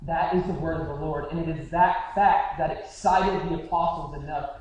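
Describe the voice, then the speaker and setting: A man preaching a sermon in an earnest, conversational way, often restarting his phrases. His voice sits fairly high. He is heard from a distance in a very echoey church sanctuary. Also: fairly even intonation, normal speed, a little mellow, dull audio, slight background noise. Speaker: pastor. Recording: very echoey hall, mic far off.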